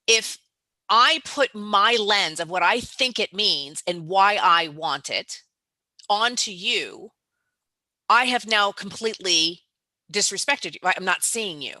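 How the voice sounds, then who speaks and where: A woman's voice: medium pitch, expressive, takes it slowly, sharp tone, dry recording. A woman entrepreneur speaking as an interview guest, emphatic, often checking in with "right?" and acting out both sides of conversations. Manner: emphatic, tags points with "right?"; acts out both sides of dialogues. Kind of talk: motivational interview talk.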